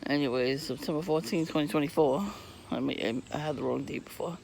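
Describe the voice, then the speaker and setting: A man ranting casually outdoors on a residential street, profane and irritated, coughing and clearing his throat from asthma while he laughs often. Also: a little high, steady tone, a little fast, darkish tone, a little hiss or hum. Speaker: vlogger. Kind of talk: rambling casual monologue.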